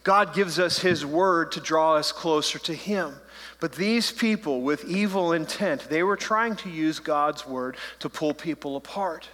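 A male pastor delivers a sermon with a bright, forceful voice pitched a little high. He talks in a loose, conversational way and tosses in playful asides. The sound rings with the long reverb of a church hall. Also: measured pace.

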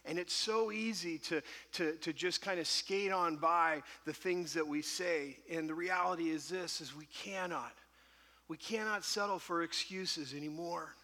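A man pastor telling a self-deprecating story in an animated sermon to a live congregation. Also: fairly high pitch, a little slow. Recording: hall reverb.

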